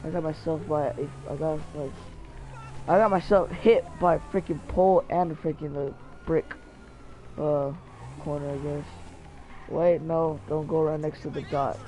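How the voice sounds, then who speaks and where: A young man giving excitable, swear-sprinkled commentary while playing a video game and talking to himself. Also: a little high, measured pace, poor audio. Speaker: gaming channel host. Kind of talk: live gameplay commentary.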